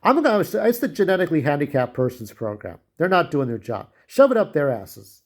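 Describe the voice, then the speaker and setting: A man's voice: a little high, sing-song, fairly quick. A young man delivering an angry, profane personal rant to camera, often repeating himself and restarting sentences. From United States. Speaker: vlogger.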